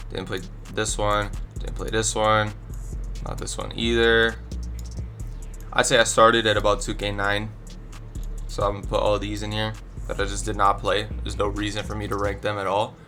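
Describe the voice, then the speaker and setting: A man's voice: on the low side, sharp tone. A young man with a stuffy nose from allergies, casually rambling his blunt opinions as a gaming YouTuber into a desk microphone. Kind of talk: casual commentary ranking video games.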